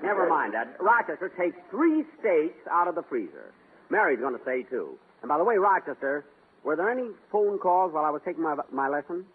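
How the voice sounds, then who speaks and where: Indignant comic host, wildly varied pitch. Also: male voice, big pitch swings, a little fast, slight background noise. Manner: exasperated, indignant comic timing. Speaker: comedy show host. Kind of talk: 1940s radio comedy. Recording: tinny old radio broadcast.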